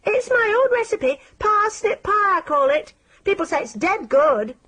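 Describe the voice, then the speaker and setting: A woman's voice: very high voice, sing-song, measured pace, a bit bright, voice pushed up, full character voice. A woman voicing a creepy, coaxing man who pushes his homemade pie in a sing-song, overly sweet way.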